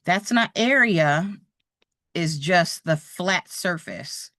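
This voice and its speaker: A woman's voice: on the low side, lively intonation, takes it slowly, a bit bright, dry recording, studio quality. A woman teaching real estate exam math in a live online lesson, patient and encouraging as she works problems out aloud. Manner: patient, encouraging, thinks aloud while drawing.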